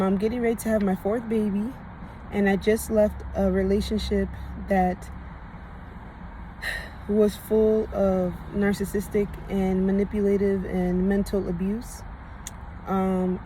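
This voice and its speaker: A woman's voice: mid-range voice, little pitch movement, unhurried, dark tone, a little hiss or hum. A woman in her thirties, heavily pregnant and out of breath, talking candidly into a phone camera for a video diary, rambling with many ums. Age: 30s. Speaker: vlogger. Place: parked car, then at home.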